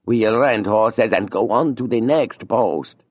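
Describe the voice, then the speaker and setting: A man voicing a flamboyant male Italian opera singer, with a slow, theatrical, drawn-out delivery. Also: on the low side, dry recording. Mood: scheming.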